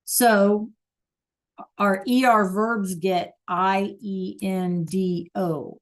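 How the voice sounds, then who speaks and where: A woman's voice: mid-range voice, steady tone, extremely slow. A woman teaching a Spanish class over a video call, patient and checking in often with the students.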